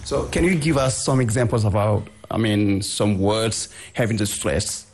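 A man's voice: lowish voice, normal speed, darkish tone, breathy edge. A man interviewing a teacher on radio, asking polite questions.

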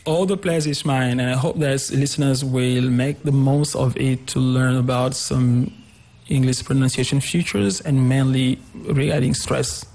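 A man's voice: mid-range voice, fairly even intonation, a little slow, vocal fry, a little mellow. A man, an English teacher explaining pronunciation patiently in a radio interview and repeating example words.

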